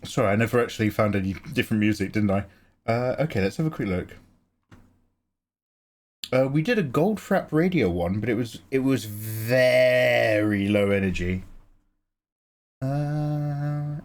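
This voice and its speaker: A man's voice: lowish voice, measured pace, long pauses. A tired man with a chatty, laughing way of talking, answering his live stream chat from a small home studio.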